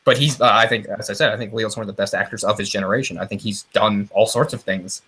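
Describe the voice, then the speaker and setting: A man's voice: fairly low pitch, steady tone, fast, a bit bright, husky. A man co-hosting a casual movie discussion, chatty and opinionated, dropping into mock voices when he retells stories. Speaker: podcast co-host.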